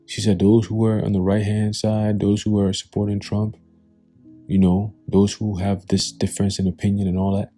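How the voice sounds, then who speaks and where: Male commentator, dark husky voice, scornful and preachy. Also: fairly low pitch, flat delivery, normal speed, faint music behind. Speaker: religious commentator.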